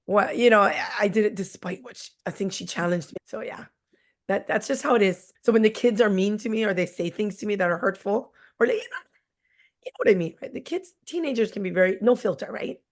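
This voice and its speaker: A woman in her forties speaks with a middling pitch, blunt and animated. She tells classroom stories candidly, drops in little jokes and voices the kids she teaches. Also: fairly quick. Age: 40s. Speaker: teacher, guest. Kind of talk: candid conversational storytelling.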